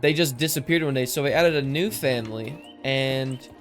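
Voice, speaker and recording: A man's voice: mid-range voice, moderate pace, faint music behind. A man giving casual, rambling game commentary, easily amused, his esses sounding a bit lisped through his microphone filters. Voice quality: lisp-like sibilance from mic filters. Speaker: gaming commentator. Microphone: desk mic with processing filters.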